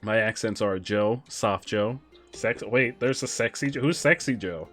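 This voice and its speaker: A man streaming a game, chatting casually with viewers, excitable and quick with asides. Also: fairly low pitch, soft background music. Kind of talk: casual gameplay chat with viewers.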